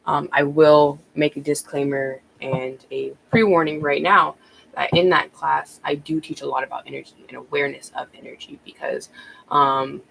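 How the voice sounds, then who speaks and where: A woman's voice: low-pitched, fairly even intonation, moderate pace, vocal fry, fairly bright tone, slight background noise, rough recording. A woman tarot reader talking casually on a live stream, rambling with many ums and restarts, a bit out of breath.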